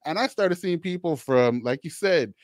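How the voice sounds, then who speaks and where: A man's voice: a little high, lively intonation, normal speed, crowd noise. A man hosting a social work podcast, talking conversationally and easily with his guest. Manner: conversational, many restarts and you-knows. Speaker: podcast host, social worker. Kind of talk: casual interview chat.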